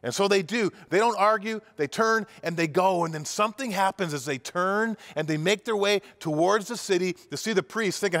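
A man's voice: high voice, brisk, hardly any pauses, fairly bright tone, long reverb tail. A pastor telling a sermon story vividly, acting out the characters' cries and often restarting his words. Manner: vivid retelling with acted-out cries and frequent restarts. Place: church.

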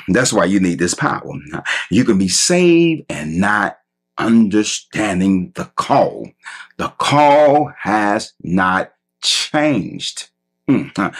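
A man preaching a sermon as pastor, stretching out emphatic phrases with a husky voice. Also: low-pitched.

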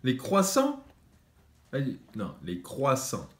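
A father from France with a French accent, a native French speaker, relaxed and switching between French and English. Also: mid-range voice, takes it slowly.

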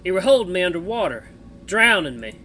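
A man voicing a gruff, foul-mouthed male bat-man with a put-on cowboy drawl, reading a visual novel aloud in a loud, blunt way. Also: sits high, sing-song, brisk, slight background noise, voice pushed up, full character voice.

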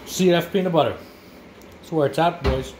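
A man's voice: a little high, normal speed. A man, casually reviewing food in a vlog with crude, profane, rowdy banter. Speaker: vlogger. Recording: faint background noise.

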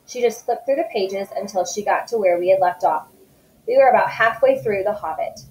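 Woman teacher, calm steady read-aloud, mid-pitched voice, echoey room. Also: fairly quick. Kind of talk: read-aloud book narration.

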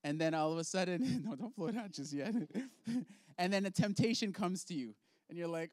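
A playful man runs a hands-on faith lesson for children and laughs easily with his young volunteers. His voice sits fairly high. The sound is dry, with little room echo. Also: expressive, brisk. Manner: upbeat, playful, laughs often. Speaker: children's ministry leader. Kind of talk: object lesson for kids.

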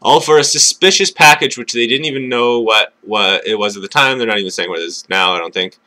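Bright-voiced man ranting alone indoors. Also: medium pitch, fairly quick. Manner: swears often, trails off quietly, then pushes to speak up. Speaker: vlogger. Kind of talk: casual rant to camera.

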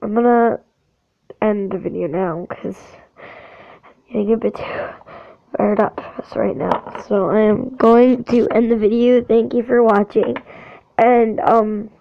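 A woman's voice: mid-range voice, steady tone, slow pace, gravelly, pauses often. A woman filming a heated, defiant rant to camera for her channel, speaking with hard emphasis. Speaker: channel owner. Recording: dull lo-fi audio.

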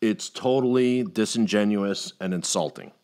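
A middle-aged man hosting a casual podcast delivers a long, profanity-laced story, animatedly acting out quotes from other people. He talks at a moderate pace in a fairly low voice.

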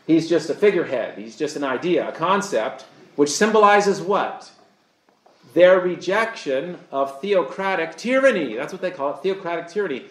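A man's voice: on the high side, lively intonation, moderate pace, roomy sound. A man preaching a sermon as pastor, earnest and fond of rhetorical questions to his listeners.

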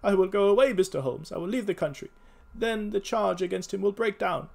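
A man's voice: high-pitched, a little fast, vocal fry, darkish tone, voice pushed up. A man voicing a frightened young hotel thief who begs and pleads in a trembling voice. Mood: pleading. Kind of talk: read-aloud character voice.

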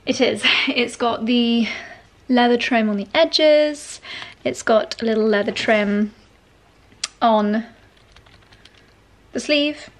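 A woman's voice: fairly high pitch, measured pace. A woman chatting in a casual, bubbly home vlog, with playful asides. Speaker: lifestyle vlogger. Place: home indoors.

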